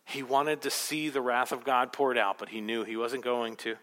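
Emphatic preacher with a bright voice. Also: male voice, medium pitch, moderate pace, long reverb tail. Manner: emphatic, rhetorical, animated storytelling. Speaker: pastor. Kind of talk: sermon.

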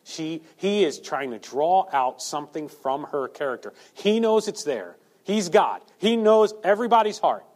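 A man's voice: fairly high pitch, big pitch swings, moderate pace, hardly any pauses, a little mellow. A male preacher delivering a sermon, asking the listeners rhetorical questions and acting out quotes.

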